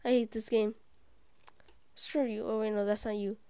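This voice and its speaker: A YouTube gaming host gives live commentary on her gameplay, excitable and quick to get frustrated, often dropping into whispered asides. Her voice is on the high side at a normal speed, with a clean tone and no echo.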